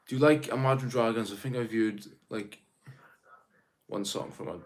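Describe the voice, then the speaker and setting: Reading viewers' comments aloud, this young Welsh livestream host with a South Welsh accent chats in a loose, laid-back way. His voice sits in the mid-range, and he's unhurried, pausing often.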